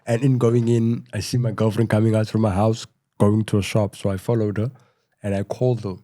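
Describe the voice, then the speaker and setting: A middle-aged South African man telling his story in a casual interview, rambling and full of "you know," going quieter at tense moments. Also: lowish voice, level tone, fairly quick. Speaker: podcast guest.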